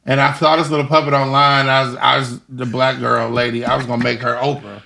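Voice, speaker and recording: A young man being interviewed, telling animated stories and acting out the voices of people in them. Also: medium pitch, brisk, creaky. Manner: animated, laughing, acts out voices in his stories. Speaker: guest. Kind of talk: casual storytelling interview.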